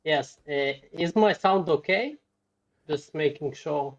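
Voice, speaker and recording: A man's voice: on the high side, takes it slowly. A man from Israel joining a livestream as a guest, chatting casually. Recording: muffled call-in audio.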